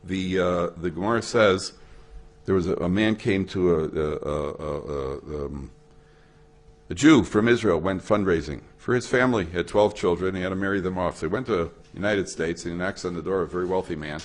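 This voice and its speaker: A man, a rabbi, giving a conversational talk to an audience, acting out the people in his stories and mixing Hebrew and Yiddish terms into his speech. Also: fairly quick. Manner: storytelling, acts out quoted voices with big pitch swings. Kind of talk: lecture to an audience. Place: hall at a memorial event.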